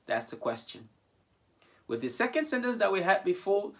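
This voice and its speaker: Male language teacher with a very lively, swooping voice; patient and repetitive with examples. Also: high-pitched, normal speed. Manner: repeats each example aloud, speaking questions with a sharply rising voice. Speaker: French teacher. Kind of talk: bilingual grammar lesson.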